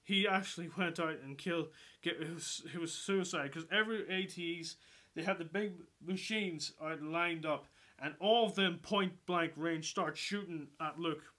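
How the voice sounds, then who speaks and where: Male vlogger, casual film review, sweary and excitable, high pitch, sharp tone. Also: moderate pace. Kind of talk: casual movie review vlog.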